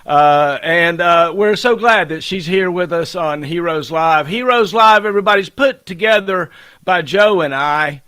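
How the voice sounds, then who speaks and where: An American man hosting a casual livestream chat, excited and rambling with many fillers. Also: high-pitched, unhurried, smooth. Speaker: host.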